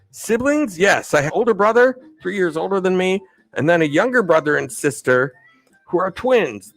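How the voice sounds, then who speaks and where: A man hosting a relaxed live stream, reading out chat questions and answering them. His voice sits a little on the high side, and he laughs often and drifts off track. Soft music plays faintly underneath. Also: no echo, poor audio. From United States. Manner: chatty, laughs often, loses his train of thought. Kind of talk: casual chat.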